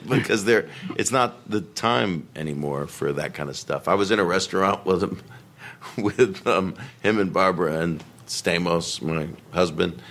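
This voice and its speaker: Very low-voiced man rambling through stories. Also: measured pace, a bit bright. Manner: rambling storyteller, breaks into laughter and mimics people he quotes. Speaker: comedian guest. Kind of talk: casual comedy chat.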